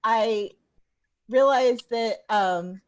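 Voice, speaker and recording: A woman comedian in her forties doing a stand-up set, telling animated stories and laughing at her own jokes. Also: on the high side, extremely slow, highs cut off. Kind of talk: stand-up set over a live stream. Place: home bar.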